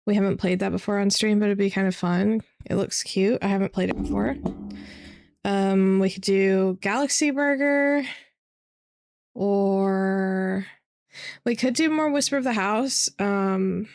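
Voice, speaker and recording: Worn out young woman streamer, gravelly fry, rambly chat with lots of ums. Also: medium pitch, measured pace, darkish tone. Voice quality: vocal fry. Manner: rambling, many fillers. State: tired. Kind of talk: casual chat.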